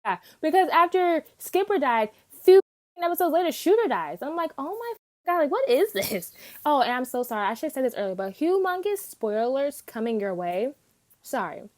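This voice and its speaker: High-voiced woman ranting animatedly. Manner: animated and emphatic, swears often; talks in quick bursts, acting out her reactions. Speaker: anime reviewer. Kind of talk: casual unscripted review.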